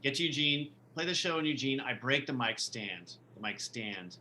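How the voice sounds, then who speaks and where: A man's voice: medium pitch, expressive, moderate pace, pushed and bright, a little hiss or hum. A man, a musician and podcast guest, tells a tour story casually in a rambling, profane way with many restarts.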